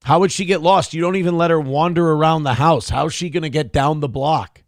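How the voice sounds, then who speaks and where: A man's voice: fairly high pitch, brisk, no echo, studio quality. A man hosting a show, reacting to a clip with angry, mocking commentary full of swearing. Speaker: show host.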